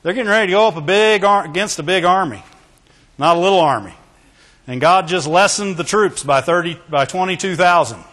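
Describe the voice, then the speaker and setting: A man with a high, lifted voice preaches to his congregation, leaning hard into each point and punctuating it with shouted praise and questions for the room. His words ring out into a large church sanctuary and hang in a long reverb. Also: fairly quick. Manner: emphatic, with call-and-response exclamations. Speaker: pastor. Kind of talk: sermon.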